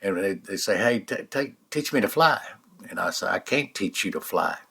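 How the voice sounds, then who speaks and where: Man in his 70s, deep voice, folksy teacher walking listeners through a mind exercise. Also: expressive, creaky, breathy edge. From United States. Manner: folksy, repeats "all right?" and "okay?"; slow, soft-spoken guidance. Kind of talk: guided eyes-closed exercise talk.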